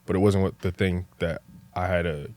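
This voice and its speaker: A young man from New Jersey, a podcast guest, telling stories in a relaxed, casual way that turns lively and full of laughter at the funny parts. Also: low-pitched, moderate pace, dry recording. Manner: laid-back, animated when telling stories, laughs often. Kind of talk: casual storytelling chat.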